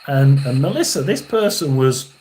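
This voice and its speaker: A man in his sixties doing a live tarot and spirit reading as a psychic medium, halting and rambling, often clearing his throat. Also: medium pitch, animated, a little mellow, a little hiss or hum, poor audio.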